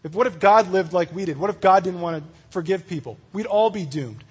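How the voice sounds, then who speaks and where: A man giving a casual youth sermon, chatty and full of "like" and "you know", acting out the story's speakers in quick asides. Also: high-pitched, breathy edge. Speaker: youth pastor.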